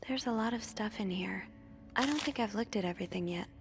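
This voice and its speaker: An actress playing a nosy young hotel maid in a video game, muttering softly to herself. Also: female voice, medium pitch, a little fast, a little hiss or hum, close to an everyday voice. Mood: curious.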